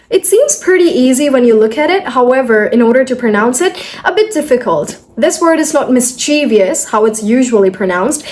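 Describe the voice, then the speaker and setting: Woman, young adult, slightly high voice, pronunciation lesson, addresses viewers, slow syllable-by-syllable drilling. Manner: addresses viewers directly, slowly repeats words syllable by syllable. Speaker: English pronunciation teacher. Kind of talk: video lesson.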